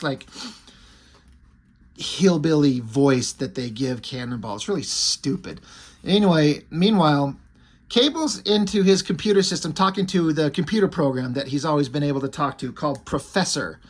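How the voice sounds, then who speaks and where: A man's voice: fairly high pitch, lively intonation, moderate pace. A man talks his way through a comic book in a loose, unscripted style. He is blunt and swears freely, and he rambles from panel to panel. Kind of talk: casual comic book commentary.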